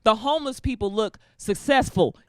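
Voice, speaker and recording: A young woman doing a stand-up comedy set, telling stories in an animated, laughing way and slipping into voices, on a stage with a live audience. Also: a little high, moderate pace. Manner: animated, laughing storytelling that slips into character voices.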